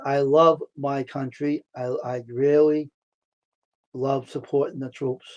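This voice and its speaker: A man hosting a casual live stream from the United States, answering his chat by name, repeating himself, worked up at times and then calming his viewers down. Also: mid-range voice, highs cut off. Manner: talks back to chat, repeats himself, heated then soothing.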